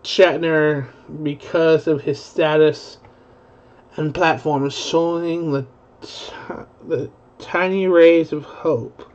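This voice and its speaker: A man's voice: on the high side, steady tone, slow, darkish tone. A young man rambling in a profane live-stream commentary, full of restarts. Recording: dull lo-fi stream audio.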